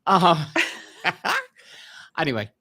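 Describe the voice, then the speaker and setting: A man's voice: fairly high pitch, animated, drawn-out words, bright, forceful tone. A man chatting as a guest, playful and jokey, often breaking into laughter. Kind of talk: casual chat.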